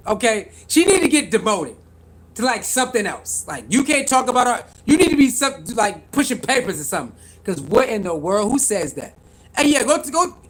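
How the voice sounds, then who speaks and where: Animated high-voiced man ranting on stream. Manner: animated, repetitive, slangy, addresses viewers. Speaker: vlogger reacting to sports news. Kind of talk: live reaction stream.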